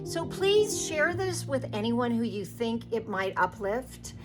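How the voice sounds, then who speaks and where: A woman's voice: on the high side, big pitch swings, slow pace. A middle-aged woman leading a live spiritual workshop session, coaxing and enthusiastic, with music playing behind her. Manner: exuberant, coaxing, breaks into loud hoots. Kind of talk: live-streamed guided session.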